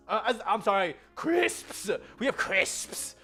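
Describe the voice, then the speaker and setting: An American woman telling a story in a casual vlog, animated and giggly. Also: mid-range voice, takes it slowly, hardly any pauses, husky, faint music behind. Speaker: vlogger. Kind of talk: casual chatty vlog with slides.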